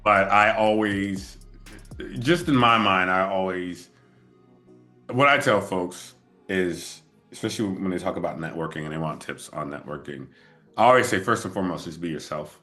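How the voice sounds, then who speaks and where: A man hosting an interview, telling a relaxed story in casual chat and laughing often. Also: low-pitched, moderate pace, faint music behind. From moved to LA as an adult. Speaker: podcast host.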